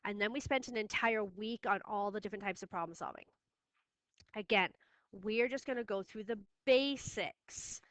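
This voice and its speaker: Woman math teacher, bright clear voice, dry close sound, firm and repetitive. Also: medium pitch, normal speed, no echo. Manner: firm, repeats key steps. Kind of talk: classroom lesson recording.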